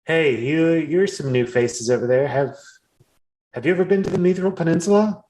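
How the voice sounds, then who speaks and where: A man's voice: a little high, normal speed, darkish tone, pitched above the performer's own voice, close to an everyday voice, rough recording. A man doing a stammering, friendly woman worker. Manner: stammering, eager, overly friendly.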